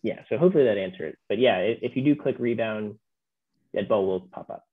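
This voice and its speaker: Low-voiced man over a tinny line. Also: a little fast. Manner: relaxed, many fillers. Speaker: software trainer. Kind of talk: webinar walkthrough.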